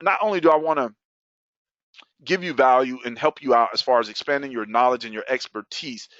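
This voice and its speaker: A man hosting a webinar and giving an excited sales pitch, whooping and laughing between offers. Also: brisk, dry recording. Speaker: webinar host. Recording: dull lo-fi dry sound.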